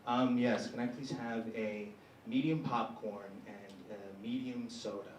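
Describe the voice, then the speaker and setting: A man's voice: mid-range voice, fairly even intonation, a little slow, echoey room, far from the mic, a little hiss or hum, voice pushed down, close to an everyday voice, rough recording. A young comedian voicing a pedantic older male customer in his stand-up set. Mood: nitpicking. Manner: fussy, questioning.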